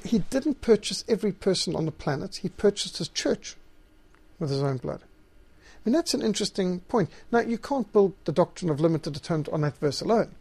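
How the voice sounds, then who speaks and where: A man's voice: high voice, lively intonation, a little fast, darkish tone, slightly rough. Emphatic male Bible teacher. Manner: emphatic, reads scripture aloud and stresses key words. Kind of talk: theology teaching.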